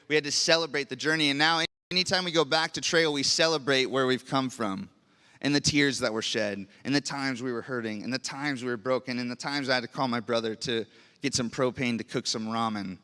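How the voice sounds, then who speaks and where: A man's voice: mid-range voice, bright, forceful tone, smooth. A young adult man preaching a sermon in a church, earnest and personal, asking rhetorical questions and telling stories from his own life. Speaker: pastor. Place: church sanctuary. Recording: long reverb of a large hall.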